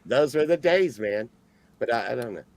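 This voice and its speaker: Rambling, halting middle-aged man telling a story. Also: mid-range voice, expressive, vocal fry, a little mellow. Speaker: podcast co-host. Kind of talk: casual storytelling chat.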